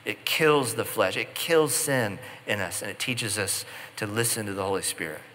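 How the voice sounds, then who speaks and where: A male pastor preaching in a large church auditorium on a stage microphone. His voice is bright and forceful, and the sound rings with a long hall reverb. He tells stories in a relaxed, conversational way with playful asides. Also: lowish voice, moderate pace. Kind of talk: sermon.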